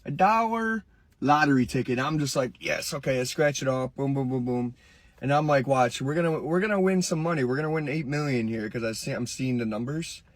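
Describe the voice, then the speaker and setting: A man's voice: mid-range voice, brisk, no echo. A laid-back man tells a dream storytime, tossing in spoken sound effects. He is recorded dry and close, with no room sound. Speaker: TikTok creator. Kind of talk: casual storytime.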